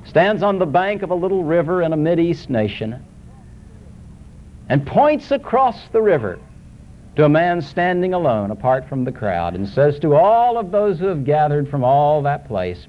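A man preaching a sermon, swinging between soaring emphasis and hushed, low scripture quotations. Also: big pitch swings, moderate pace. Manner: dramatic rises and drops, quoting scripture in a hushed low voice. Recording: dull lo-fi recording.

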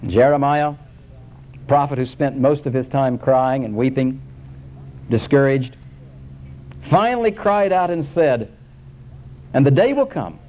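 A man preaching a sermon, swinging between soaring emphasis and hushed, low scripture quotations. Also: a little hiss or hum. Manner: dramatic rises and drops, quoting scripture in a hushed low voice. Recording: dull lo-fi recording.

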